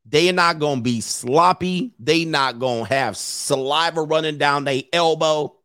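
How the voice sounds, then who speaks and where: A man's voice: a little high, a little slow, sharp tone, clear, resonant tone, dry recording, clean studio sound. A man hosting a stream, ranting comically in casual slang and laughing often. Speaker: streamer host. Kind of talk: casual comedic rant.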